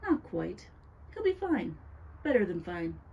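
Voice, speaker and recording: A woman's voice: big pitch swings, measured pace, slightly rough, dull audio, exaggerated voice. A woman voicing a gleeful, cruel witch in a sugary, mocking tone. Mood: gloating. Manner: sugary, mocking, pitched up high.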